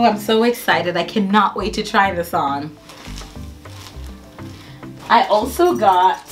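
Young woman haul vlogger, excitable and gushing, unhurried delivery with a lively, swooping pitch, faint music underneath. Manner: gushing, excitable, exclaims often. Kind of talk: casual unboxing chat.

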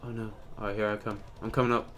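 A man hosting his own gaming channel, giving live gameplay commentary with an excitable manner, loud outbursts and goofy banter. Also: on the low side, quick pace, noisy background. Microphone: webcam or desk mic.

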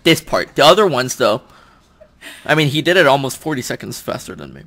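A young man giving let's play commentary at home into a desk microphone, excitable and quick to shout and groan in frustration, joking at his own expense. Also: medium pitch, creaky. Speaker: YouTuber playing a video game.

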